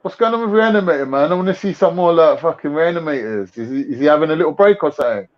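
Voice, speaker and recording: A man's voice: fairly high pitch, lively intonation, rapid-fire. A young man with a London accent hosting a casual livestream chat, full of mocking slangy banter. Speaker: livestream host. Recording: lo-fi livestream audio.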